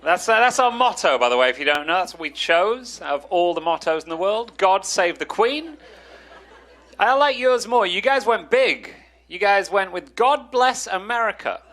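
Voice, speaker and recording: Bright-voiced British stand-up comic. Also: male voice, high voice, lively intonation, normal speed. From Britain. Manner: wry, self-deprecating, playful delivery. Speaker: stand-up comedian. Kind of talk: stand-up comedy set.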